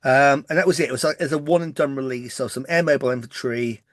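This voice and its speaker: English man with a light West Country accent, co-host, quick and excitable, dry close sound. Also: mid-range voice, no echo. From West Country, England. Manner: fast-talking, excitable. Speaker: podcast co-host. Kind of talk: casual chat.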